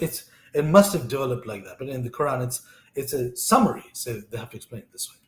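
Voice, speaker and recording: A man's voice: medium pitch, expressive, fast, roomy sound. A man reading scripture aloud and reflecting on it, earnest and thinking aloud with frequent restarts.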